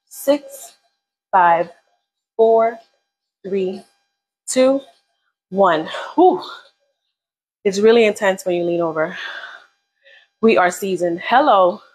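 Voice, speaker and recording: Husky-voiced woman coaching a workout. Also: medium pitch, darkish tone, rough recording. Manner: casual, chatty, encouraging, counts reps aloud. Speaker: fitness instructor.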